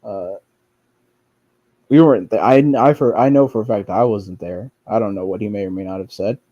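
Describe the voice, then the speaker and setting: A man's voice: fairly low pitch, normal speed, no echo, dull audio. A man commenting casually on online drama, rambling and swearing, with many restarts and fillers. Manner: mocks others by quoting them in a whiny voice.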